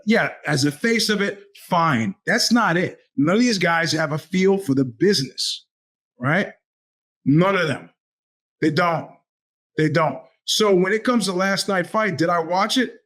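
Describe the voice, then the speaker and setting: A male podcast host delivers a loose, rambling monologue, sarcastic and full of profanity. His voice sits high for a man. He often slips into quick put-on voices when he quotes other people. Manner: animated, profane, sarcastic storytelling. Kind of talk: casual monologue.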